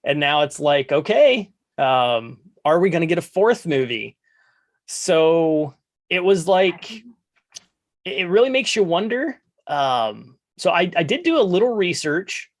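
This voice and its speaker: A man co-hosting a podcast, casually recapping a movie and jumping higher when he quotes the characters. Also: unhurried. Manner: animated storytelling, jumps higher to quote characters. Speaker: podcast co-host.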